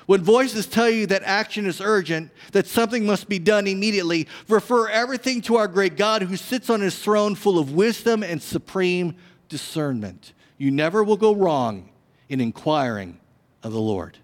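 A high-pitched male pastor preaching in a church, his voice carrying a long reverb through the hall. He moves dramatically between booming emphasis and hushed drops, with playful asides to the congregation. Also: expressive, moderate pace. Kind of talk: sermon.

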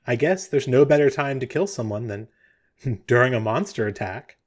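A man's voice: mid-range voice, animated, normal speed, dark tone, breathy edge. Man putting on an older woman, amused, wry, giggly, tabletop game.

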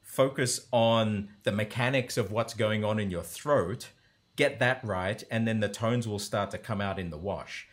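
Speaking on the low side and at a measured pace, a man teaches how language sounds work. He keeps it conversational and eager, frequently pronouncing example syllables aloud.

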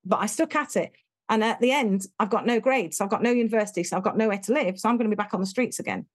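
A middle-aged woman with an English accent, sharing her own story as an interview guest. She talks frankly and with a lot of life, slipping into the voices of people she quotes. Her laughs come quickly between tough memories. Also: medium pitch.

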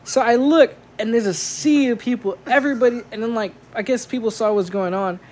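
A man's voice: very high-pitched, a little fast. A man who works as a DJ tells a story in slangy, casual talk, saying "like" a lot.

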